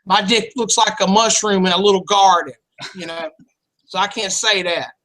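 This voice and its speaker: A man's voice: high-pitched, steady tone, normal speed, sharp tone, poor audio. A man co-hosting a casual wrestling podcast, rambling and joking crudely. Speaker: podcast co-host.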